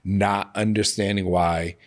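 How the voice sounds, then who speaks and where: A man in his forties with a low, deep voice, speaking candidly as an interview guest. He talks in a loose, casual way full of fillers, and slows and softens when he reaches painful memories. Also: steady tone. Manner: emotional, open, slows on heavy moments.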